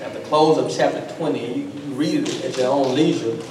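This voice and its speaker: A man's voice: medium pitch, a little fast, noisy background. A man preaching a call-and-response sermon to his congregation, repeating words in rhythmic, stammering runs. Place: church sanctuary with congregation. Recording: echoey church recording from far off. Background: congregation calling back.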